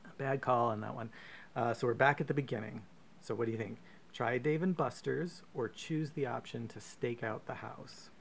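A man co-hosting a podcast, reading a profane, comic choose-your-own-adventure story aloud with deadpan asides. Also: mid-range voice, moderate pace, vocal fry, slight background noise. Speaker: podcast co-host.

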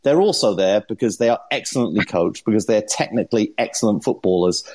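A man co-hosting a football show gives calm, earnest analysis. He builds his case step by step. His voice sits a little low. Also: a little fast. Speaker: podcast co-host.

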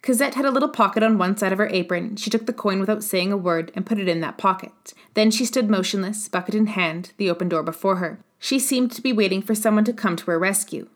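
A woman narrating a classic novel as an audiobook, in a measured, steady reading. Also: mid-range voice.

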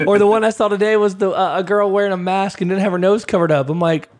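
A man's voice: sits high, steady tone, fast. A man co-hosting a casual sports podcast, talking in a chatty way with frequent "uh" fillers. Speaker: podcast co-host.

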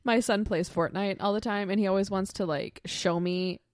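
A woman's voice: medium pitch, moderate pace, a little mellow, no room sound, studio quality. A woman in her thirties co-hosting a podcast in casual chat, chatty and self-deprecating. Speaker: podcast co-host.

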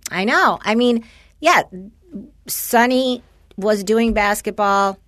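A woman's voice: a little high, slow pace, no room sound. Casual mom in her 40s ranting about driving her teen around, swears a lot, dry close sound. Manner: animated storyteller, swears freely, acts out dialogue. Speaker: parent of a teenage son. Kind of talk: casual chat between friends.

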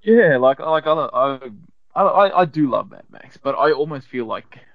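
A man's voice: fairly high pitch, lively intonation, moderate pace, no room sound, phone-quality sound. A man appearing as a podcast guest, speaking in rambling, hesitant casual chat full of restarts.

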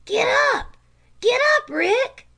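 A woman's voice: high voice, sing-song, unhurried, full character voice. Woman reading as a hopeful boy scout. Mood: urgent. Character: hopeful young boy scout, dog's friend.

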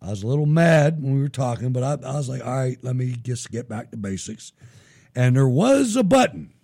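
A middle-aged man hosting a live show, telling profane, animated stories in casual chat. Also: mid-range voice, brisk, creaky. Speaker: show host.

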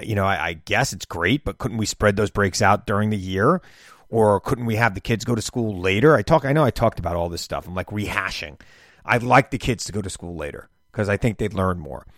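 A man's voice: fairly low pitch, no room sound, studio quality. A middle-aged man hosting his podcast in a rambling casual chat, often stumbling and restarting. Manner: rambling, self-interrupting, stammers on restarts. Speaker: podcast host.

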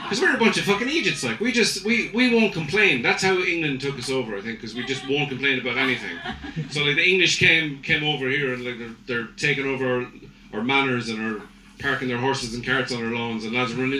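A man's voice: medium pitch, a little fast. An Irish man doing a stand-up comedy set, rambling and crude as he works the crowd. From Ireland. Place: comedy venue in front of a crowd. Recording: echoey live room, loud noise, distant mic.

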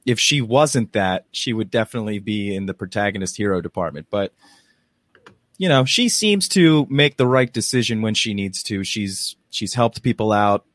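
A man co-hosting a podcast, chatting casually and telling stories in a rambling, animated way with plenty of restarts. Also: lowish voice, normal speed, dry recording. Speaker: podcast co-host. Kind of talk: casual chat.

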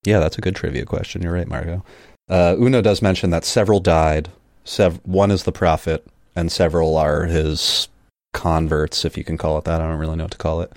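A man's voice: deep voice, fairly even intonation, fairly quick, a little mellow, no room sound, studio quality. A man co-hosting a casual book discussion, laughing often and reading passages aloud. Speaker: podcast co-host.

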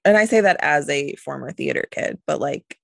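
Mid-pitched podcast co-host, dry sound. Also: expressive, moderate pace, vocal fry, fairly bright tone, no echo. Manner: agreeable, frequent backchannel replies. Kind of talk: casual chat.

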